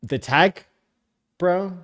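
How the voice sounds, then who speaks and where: A man hosting a live stream, reading viewer comments out loud in a blunt, sarcastic, casual way. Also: high voice, drawn-out words. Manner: blunt, sarcastic, profane, often laughing.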